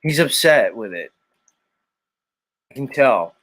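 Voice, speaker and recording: This livestream host speaks at a medium pitch with an expressive, slightly bright delivery, taking his time. During his casual morning stream he reads the chat aloud, laughing often and cursing along the way.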